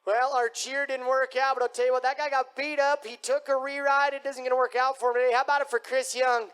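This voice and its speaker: A man announcing a live bull riding event in an arena, booming and hyping up the crowd. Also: flat delivery, quick pace, fairly bright tone, clean tone. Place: rodeo arena.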